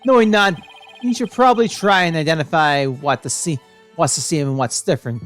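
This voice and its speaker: A woman's voice: sits low, fairly quick, faint music behind. Woman streamer reading game lines aloud. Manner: voices every character, laughs at her own strained voice.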